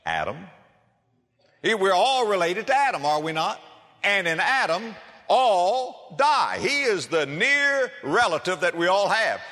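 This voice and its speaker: Male preacher, folksy sermon, highish voice, animated pitch, echoing hall. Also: a little slow. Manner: folksy storytelling with humor; addresses listeners as friend and folks. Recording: reverberant hall.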